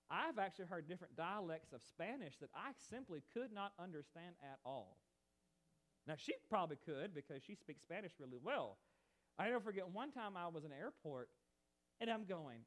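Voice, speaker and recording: A man from the United States preaching a sermon, animated and emphatic, with chatty asides to his congregation. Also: a little high.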